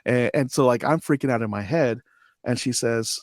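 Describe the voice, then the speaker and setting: Man, forties, podcast guest, storytelling, acts out quotes, mid-pitched voice, dry close recording. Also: normal speed, no echo. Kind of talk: storytelling interview.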